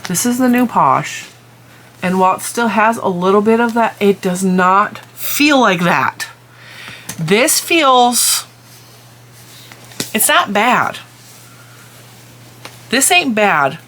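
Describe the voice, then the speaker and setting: A woman making a casual, chatty vlog, excitedly showing yarn to her viewers at home. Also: mid-range voice, slow, long pauses, slight background noise. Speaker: crochet and yarn vlogger. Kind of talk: casual show-and-tell vlog.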